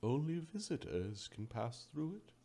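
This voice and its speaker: Man doing an ancient male oracle, cryptic and calm, slow delivery, soft. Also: medium pitch, gravelly, full character voice.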